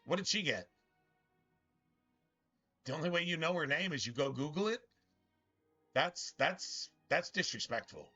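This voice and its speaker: A man's voice: on the high side, expressive, a little slow, long pauses, sharp tone, lo-fi sound, soft background music. A man streaming a game, ranting bitterly and with lots of swearing, stumbling over restarts as he talks. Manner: profane, bitter, rambling with many restarts. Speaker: gaming streamer. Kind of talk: casual ranting commentary over gameplay.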